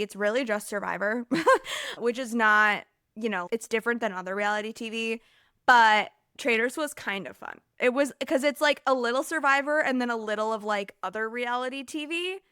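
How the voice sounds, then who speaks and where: A woman's voice: a little high, sharp tone, clean tone, no room sound, studio quality. A young American woman hosting a casual solo podcast, rambling and chatty with lots of fillers, overheated and a little scattered. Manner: rambling and chatty, heavy filler use, self-interrupting. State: overheated, distracted. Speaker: podcast host.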